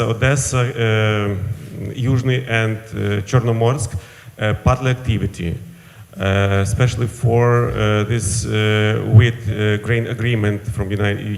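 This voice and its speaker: Gravelly man, halting English. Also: fairly low pitch. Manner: hesitant, many fillers and restarts. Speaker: panelist. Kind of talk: halting answer in a second language. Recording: reverberant hall with faint room noise.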